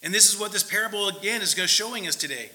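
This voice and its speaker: A male preacher with a high voice and a very bright, sharp tone. He gives a conversational sermon, checks in with his listeners as he goes, and swings between loud emphatic points and quiet asides. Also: racing, poor audio.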